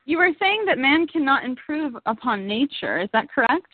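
A woman's voice: sits high, sing-song, normal speed, no room sound. Hesitant woman on a tinny line. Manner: hesitant, full of fillers. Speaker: panel guest promoting supplements. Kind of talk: panel talk show debate. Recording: dry tinny phone-like sound.

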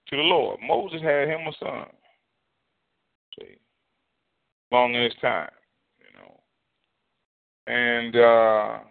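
A man's voice: mid-range voice, creaky. Preaching man over a tinny phone line. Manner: animated preaching, voicing God and Moses in quotes. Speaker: pastor. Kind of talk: sermon.

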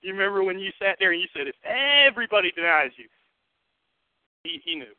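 High-voiced pastor with a thin, boxy sound. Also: male voice, big pitch swings, brisk, no echo, narrow, tinny audio. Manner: swings between loud emphatic bursts and hushed asides; conversational, asks the congregation questions. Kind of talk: sermon.

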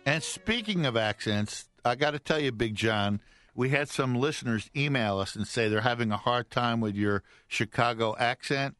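Teasing radio host, dry. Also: male voice, medium pitch, normal speed, a bit bright, dry recording, faint music behind. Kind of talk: radio talk show banter. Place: radio studio. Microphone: studio mic.

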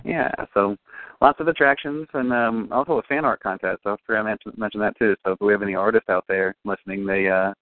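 A man with a lowish voice talks fast and rambles, full of ums as he describes his event. The sound is thin and tinny, like a phone line. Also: steady tone, dry recording. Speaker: event organizer guest. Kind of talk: casual interview chat. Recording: tinny, phone-like dry audio.

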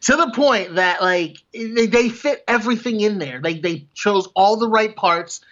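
Blunt, profane man with a high voice. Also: a little slow, a bit bright. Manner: blunt, profane, laughs often. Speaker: podcast co-host. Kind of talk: casual film-review banter. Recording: dull lo-fi podcast audio.

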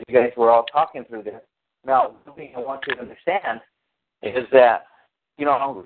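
A man hosting an informal Bible study. He preaches emphatically, repeats his words and quotes scripture. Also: mid-range voice. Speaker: host leading a Bible study. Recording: tinny phone line with faint noise.

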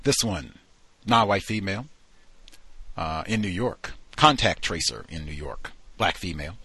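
A man hosts a call-in radio show in a low, husky voice. He reads listener emails aloud with a lively pitch that moves around a lot. The sound is dry and close. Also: measured pace, no room sound.

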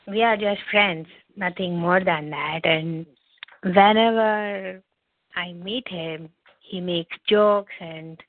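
A woman's voice: mid-range voice, dry recording. A woman calling in, telling a personal story in a reflective way. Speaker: caller. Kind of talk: casual chat. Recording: dry tinny phone line.

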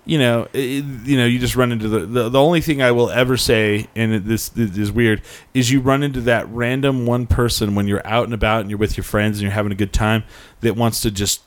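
A man's voice: mid-range voice, fairly even intonation, a little fast. Rambling man on a casual podcast. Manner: rambling storyteller, acts out quotes. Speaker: podcast co-host. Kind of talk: casual chat.

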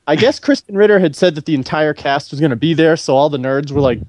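A man telling a long, animated story on a podcast, swearing freely and acting out what others said along the way. His voice sits fairly high and comes through dry and close to the mic. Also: quick pace, hardly any pauses, no echo. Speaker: podcast co-host. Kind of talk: casual storytelling chat.

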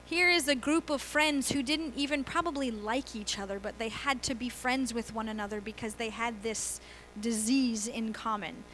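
A woman's voice: fairly high pitch, steady tone, moderate pace, fairly bright tone, a little hiss or hum, poor audio. A woman pastor giving a conversational sermon, asking the congregation questions and laughing easily. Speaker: guest pastor.

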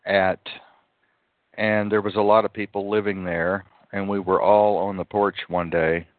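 A man's voice: low-pitched, dry recording. A man hosting a casual talk radio show, telling an indignant story and swearing now and then. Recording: dry, tinny phone-like sound.

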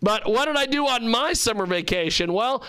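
A man's voice: extremely high pitch, lively intonation, moderate pace, sharp tone, smooth, no room sound. A man hosting a radio talk show in casual chat, telling rambling stories and laughing often.

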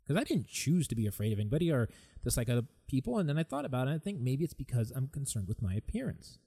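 A man's voice: medium pitch, very animated, quick pace, warm tone, breathy edge. A man hosting his own podcast, talking candidly and with exasperation about stress, sometimes mimicking other people. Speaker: podcast host. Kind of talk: solo podcast monologue.

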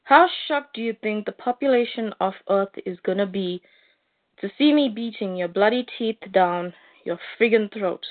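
A woman's voice: medium pitch, normal speed, lightly acted. Woman reading out a crude, mocking alien brute. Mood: gloating. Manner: mocking, boastful taunts. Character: brash, crude male alien bounty hunter. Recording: phone-like narrow sound.

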